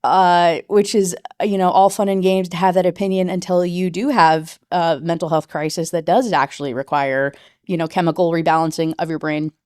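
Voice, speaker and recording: A woman's voice: lowish voice, fairly even intonation, moderate pace, darkish tone, clean tone, dry recording, studio quality. A woman book reviewer giving a casual rant review, chatty and full of "like" and "you know.".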